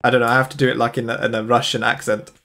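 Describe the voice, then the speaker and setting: A young man with a British accent chats easily as he plays a game on stream. He laughs often and answers his viewers as he goes. His voice sits at an everyday middle pitch. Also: flat delivery, racing, creaky, sharp tone. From United Kingdom. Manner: chatty, laughs often, replies to chat. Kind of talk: casual chat while gaming.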